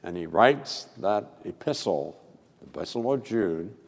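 A male pastor preaching a sermon with expressive delivery and sudden loud emphasis. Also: low-pitched, unhurried, creaky, breathy edge, long reverb tail.

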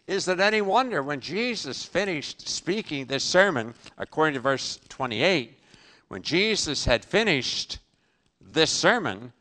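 A man preaching in a bright, forceful voice that leaps around in pitch. He punches key phrases loudly, then drops to a near-murmur, and answers his own rhetorical questions. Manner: emphatic, with sudden loud bursts and drops to quiet. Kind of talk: sermon.

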